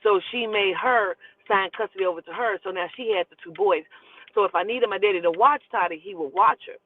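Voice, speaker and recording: A woman telling a personal story in a casual, profane, animated way and acting out the quotes. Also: mid-range voice, fairly quick. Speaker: storyteller host. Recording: tinny phone-like line, dry.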